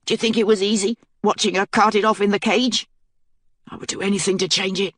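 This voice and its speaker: A woman's voice: medium pitch, steady tone, a bit bright, no room sound, studio quality, close to an everyday voice. A woman reading a despairing weary gate guard. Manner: halting, despairing. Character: weary heartbroken male gate guard, a drinker.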